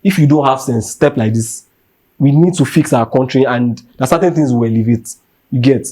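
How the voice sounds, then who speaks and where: This young Nigerian podcast host has a warm, medium-pitched voice and speaks at normal speed in Nigerian English. His impassioned rant is emphatic, with points repeated to drive them home.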